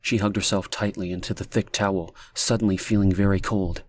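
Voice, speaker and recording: A man narrating a dark fiction audiobook in a steady, measured reading. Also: sits low.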